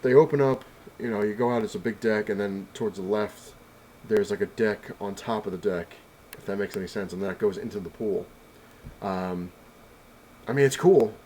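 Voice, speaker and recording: A man's voice: fairly low pitch, normal speed, a little mellow, a little hiss or hum, poor audio. A young man vlogging from home, telling a long story in a rambling way, full of fillers and restarts. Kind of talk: casual storytelling.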